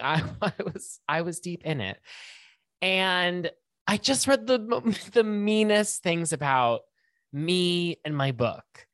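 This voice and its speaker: A man hosting his own podcast alone, thinking out loud in a loose, self-conscious ramble. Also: high-pitched, expressive, measured pace, dry recording, studio quality. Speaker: podcast host. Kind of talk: casual solo monologue.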